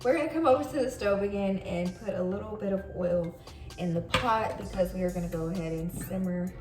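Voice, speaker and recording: In a casual home-kitchen cooking tutorial, a woman with a medium-pitched voice talks briskly, chatting informally and speaking directly to her viewers as she goes through a recipe. Background music is audible.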